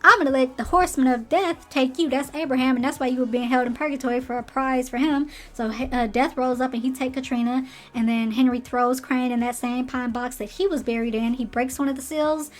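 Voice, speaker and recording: A slightly hoarse woman chatting animatedly through a casual rant recapping a TV show, acting out the characters' lines as she goes. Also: high-pitched, fairly even intonation, fairly quick, few pauses, darkish tone. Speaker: show commentator.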